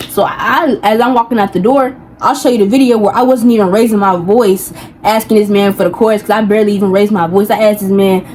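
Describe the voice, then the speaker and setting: Young woman, casual storytime rant, heated and venting, slangy, rambling, mid-pitched voice, faint background noise. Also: a little fast, darkish tone, low-quality recording. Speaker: vlogger.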